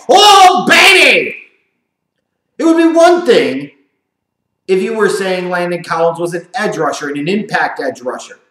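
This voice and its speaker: A man giving a profane, sarcastic rant of sports commentary. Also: high voice. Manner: profane, sarcastic, animated ranting. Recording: roomy echo.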